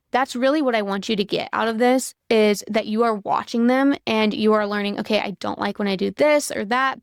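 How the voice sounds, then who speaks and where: A woman's voice: medium pitch, smooth, no room sound, clean studio sound. A young adult woman giving direct, coaching advice in a vlog to camera, listing tips one after another. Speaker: accountant content creator.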